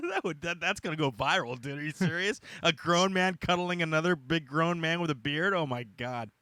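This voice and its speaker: A man's voice: fairly high pitch, sharp tone, dry recording. A man hosting a podcast, teasing his guests in brash, casual chat. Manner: brash, teasing, quick to laugh. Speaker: host.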